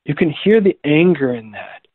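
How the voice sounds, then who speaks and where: A man, a priest, telling a scripture story in a lively conversational way and acting out the people he quotes. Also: a little high, normal speed, dry recording. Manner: animated storytelling, acts out quoted voices. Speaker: priest guest. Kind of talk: conversational radio talk on faith. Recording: tinny phone line, dry.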